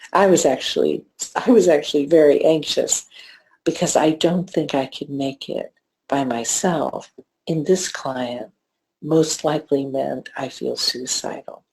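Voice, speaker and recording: A middle-aged woman therapist teaching a trauma course, soft-spoken and often dropping to a whisper as she walks through a case. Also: sits low, low-quality recording. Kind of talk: lecture with case example.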